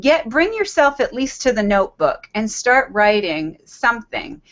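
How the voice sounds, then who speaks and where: Middle-aged woman, author hosting a call; earnest, repetitive, upbeat; slightly high voice, lo-fi line. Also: sing-song, normal speed, fairly bright tone. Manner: earnest, repetitive, laughs often. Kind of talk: motivational talk on a call.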